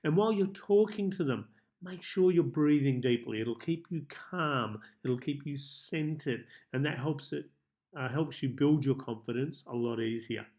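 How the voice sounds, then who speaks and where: A man coaching viewers in a self-help tips monologue, speaking calmly and measuredly with deliberate pauses. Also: medium pitch. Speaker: life coach.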